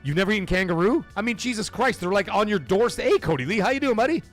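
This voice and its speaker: A man's voice: sits high, lively intonation, quick pace, faint music behind. A man hosting a casual gaming livestream, joking, swearing and bantering with his chat. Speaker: livestream host.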